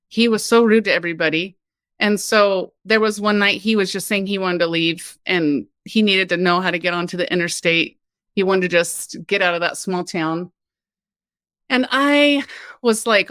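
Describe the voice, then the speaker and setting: A woman from Kansas tells her own story as a podcast guest. Her manner is lively and candid, with laughs and a steady "like". Her voice sits at an ordinary middle pitch and sounds dry and close. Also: normal speed, no room sound. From Kansas, United States. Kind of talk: personal storytelling conversation.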